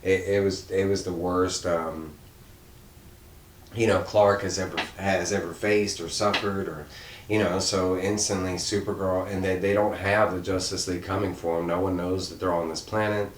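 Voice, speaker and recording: A man's voice: sits low, level tone, normal speed. A man casually reviewing a comic book, rambling with many fillers and restarts. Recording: roomy echo, faint background noise.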